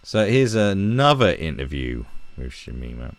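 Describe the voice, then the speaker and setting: A man's voice: very deep voice, sing-song, measured pace. A man giving casual video commentary as an online host, sarcastic and rambling, with swearing along the way.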